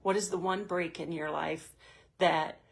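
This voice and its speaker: A woman's voice: lowish voice, steady tone, a little slow, creaky. A middle-aged woman hosting a heartfelt motivational talk for a women's group, speaking earnestly and sometimes near tears. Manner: earnest, heartfelt, emotional storytelling. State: tearful at moments. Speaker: host.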